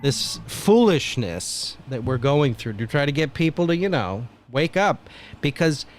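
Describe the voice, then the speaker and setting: A man's voice: fairly high pitch, big pitch swings, unhurried, soft background music. A man hosting a casual livestream as a broadcaster, rambling with frequent laughter and trailing restarts. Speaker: host, broadcaster. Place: home studio.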